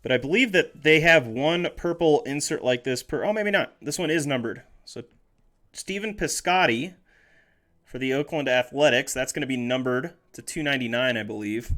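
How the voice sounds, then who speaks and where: A man with a medium-pitched, slightly bright voice talks at a moderate pace. Live-streaming trading card pack openings, he keeps things casual, reads names aloud, and jokes while correcting himself.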